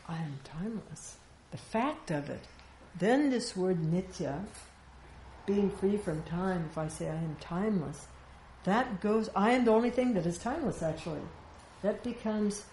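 A woman's voice: medium pitch, a little mellow, a little hiss or hum. A woman giving an informal spiritual teaching, talking conversationally with rhetorical questions and light laughs. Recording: echoey room with faint ambience.

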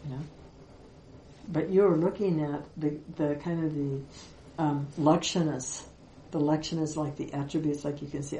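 A woman spiritual teacher giving a reflective Vedanta talk, with many pauses and fillers. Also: sits low, steady tone, dark tone, roomy sound, a little hiss or hum, low-quality recording.

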